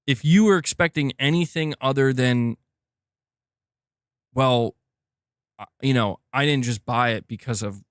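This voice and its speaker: On a dry, clean studio recording, a man with a mid-range voice hosts a gaming news stream full of casual commentary. He chats easily, voicing donations aloud and speaking directly to the people in his chat.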